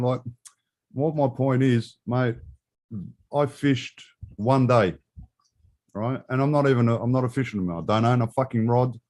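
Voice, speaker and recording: A man's voice: mid-range voice, a little mellow. A man with a mid-range voice venting bluntly on a live stream. He swears heavily in a plain, no-nonsense way. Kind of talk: casual chat, ranting.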